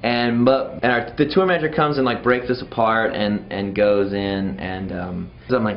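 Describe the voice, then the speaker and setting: A man's voice: on the low side, normal speed, few pauses, lo-fi sound. A man from Texas, a touring band member, telling a road story animatedly with lots of fillers. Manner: animated, full of fillers, acts out the scene.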